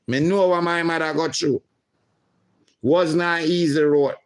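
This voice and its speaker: A middle-aged man hosting a livestream, reading viewer comments aloud in a slow, emotional way. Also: on the high side, fairly even intonation. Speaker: livestream host.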